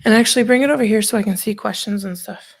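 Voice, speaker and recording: A woman's voice: medium pitch, quick pace, gravelly, husky. A woman hosting a casual livestream, chatting loosely and greeting viewers one by one by name. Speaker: livestream host.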